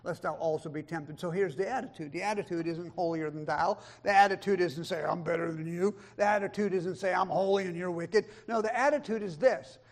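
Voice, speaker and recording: High-voiced man preaching with emphatic swings. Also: brisk, few pauses. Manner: emphatic, swings between loud and hushed; quotes scripture in old-style wording. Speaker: pastor. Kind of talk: sermon.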